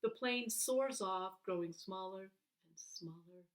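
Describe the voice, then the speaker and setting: A woman reads a children's book aloud with expressive, animated delivery and dramatic pauses. Her voice sits at a middling pitch. She sounds set back from the microphone. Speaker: reader. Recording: voice heard from a distance.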